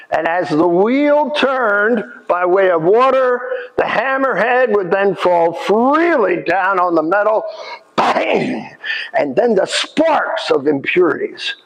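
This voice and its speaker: Lively high-voiced man telling history. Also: rough recording. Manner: folksy, animated storyteller. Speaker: living history interpreter. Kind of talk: storytelling history lesson. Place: historic forge site.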